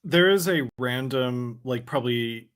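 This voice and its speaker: A man co-hosting a podcast, chatting casually with quick, apologetic interjections. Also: mid-range voice. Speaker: podcast co-host. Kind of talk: casual chat.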